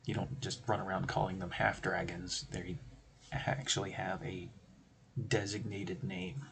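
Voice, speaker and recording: A man with a low, gravelly voice talks through tabletop game design in a loose, rambling way. He drifts between points, adds joking asides, and keeps the tone of a casual stream host. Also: flat delivery, unhurried, crowd noise.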